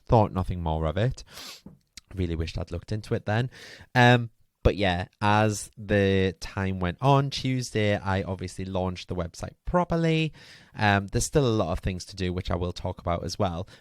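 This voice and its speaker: A man's voice: sits low, animated, normal speed, no echo, studio quality. A man hosting a podcast, telling a rambling, chatty story full of asides and fillers. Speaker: podcast host. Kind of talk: casual storytelling monologue.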